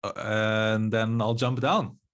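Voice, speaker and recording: A man's voice: on the low side, flat delivery, takes it slowly, a bit bright. Man giving short, unsure replies. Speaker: player. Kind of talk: tabletop game play.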